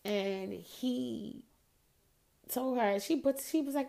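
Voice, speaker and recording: Gravelly, profane middle-aged woman. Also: high voice, a little slow. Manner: frank and profane, animated when riled up. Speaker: podcast host. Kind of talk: casual storytelling chat.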